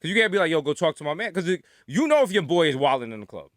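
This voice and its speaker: Casting: fast-talking New York man, lively storyteller, podcast co-host, dry close mic. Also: a little high, no room sound. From the Bronx, New York. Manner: animated storyteller, acts out quoted voices. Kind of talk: casual comedic chat.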